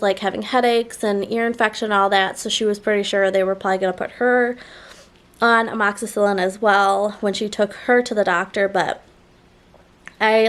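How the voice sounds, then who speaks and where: A woman vlogger chatting casually to camera, her voice a little nasal as she gets over a sore throat, rambling with lots of "like" fillers. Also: medium pitch. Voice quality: slightly nasal.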